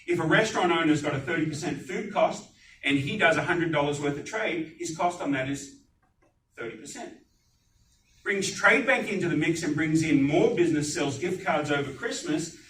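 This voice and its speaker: A man giving a live sales pitch at a business networking meeting, animated and putting questions to the audience. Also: a little hiss or hum. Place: meeting room. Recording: echoey room, distant mic.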